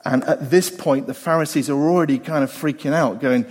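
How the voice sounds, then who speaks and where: Male preacher, lively storyteller, slightly high voice, long hall echo. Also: brisk. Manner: animated, acts out the voices of the people in the story. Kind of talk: sermon.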